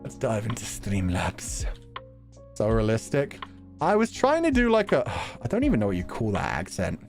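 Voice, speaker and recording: A man chatting casually on a livestream, jokey and quick to laugh as he reads out donations. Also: on the low side, soft background music. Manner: animated, laughs often, jokey. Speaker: streamer.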